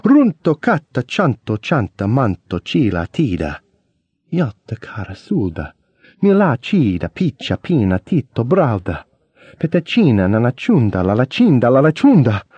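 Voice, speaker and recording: Man putting on a young reciter, theatrical mock-Italian verse, lower and mellow, dull lo-fi sound. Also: huge pitch swings, normal speed, husky, no room sound. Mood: mock-dramatic. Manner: theatrical, sweeping through emotions. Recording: dull lo-fi audiobook recording.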